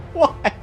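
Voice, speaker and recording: Laughing man streaming a game. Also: mellow. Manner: amused, laughing, swearing freely. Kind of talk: casual gameplay commentary.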